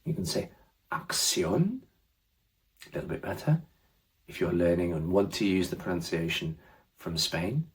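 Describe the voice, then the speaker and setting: Low-voiced man teaching Spanish casually. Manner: relaxed, reassuring, encouraging. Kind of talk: casual spoken lesson.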